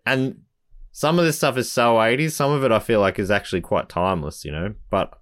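A man's voice: on the low side, fairly quick, a bit bright, no echo, clean studio sound. A man co-hosting a casual album podcast, easygoing and thinking aloud as he talks. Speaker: podcast co-host. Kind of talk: casual chat about albums.

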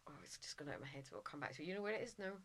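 A middle-aged woman, a guest in casual chat, telling lively anecdotes and laughing often. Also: sits low, very fast.

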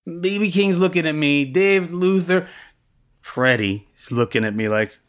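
A man casually recounting a story from his past, lively and acting out other people's voices. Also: medium pitch, a little slow. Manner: animated, acts out the voices of others in his anecdotes. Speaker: interviewee recounting his studio career.

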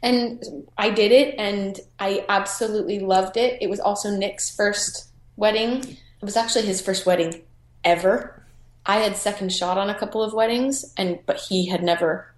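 A woman photographer tells her story in a candid, chatty way, her thoughts spilling out with frequent "you know" fillers. Her voice sits in an ordinary middle register. The recording is roomy, with clear echo around her. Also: mid-range voice, steady tone, moderate pace. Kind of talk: casual personal storytelling.

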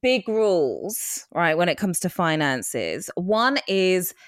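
A woman co-hosting a podcast in casual chat, chatty and expressive, going animated when she quotes others. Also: on the low side, slow pace, dry recording, studio quality. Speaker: podcast co-host.

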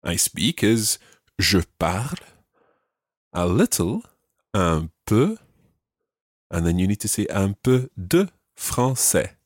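A man hosting a podcast language lesson, patiently giving English phrases and repeating the answers slowly and clearly. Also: lowish voice, sing-song, no room sound, studio quality. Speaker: language teacher host.

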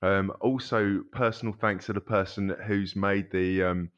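A man co-hosting a casual football podcast, talking in a halting way with many ums. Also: low-pitched, fairly even intonation. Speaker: podcast co-host. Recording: dull lo-fi sound.

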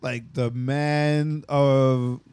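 A man co-hosting a podcast in casual chat, jokey and quick to riff and finish the other's sentences. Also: medium pitch, level tone, darkish tone, clear, resonant tone, dry recording. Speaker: podcast co-host.

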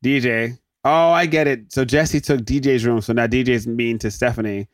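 An animated man with an ordinary middle pitch runs through a sitcom episode as a comic recap, laughing and dropping into quick mock voices for the characters. His voice sits close and dry on the mic, with no room sound around it. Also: no echo. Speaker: podcast host.

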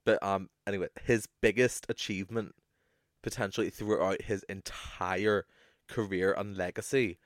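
A man's voice: low voice, moderate pace, dry recording, clean studio sound. Chatty young man podcasting. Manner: chatty, swearing, animated with playful put-on voices. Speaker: podcast co-host. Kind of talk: casual chat.

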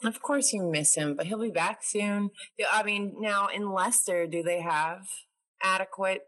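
A woman's voice: medium pitch, moderate pace, fairly bright tone, rough recording. A woman from New York hosting a casual video call chat, bubbly and chatty, laughing often. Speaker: host.

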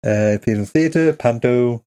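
A man co-hosting a casual podcast, chatting and reading aloud haltingly, laughing often. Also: mid-range voice, mellow, clean tone. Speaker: podcast co-host. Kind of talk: casual chat.

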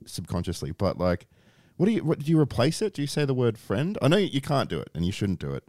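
A man co-hosting a podcast, firing quick, probing questions in casual chat. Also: medium pitch, wildly swooping pitch, a little mellow, dry recording, studio quality. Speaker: podcast co-host.

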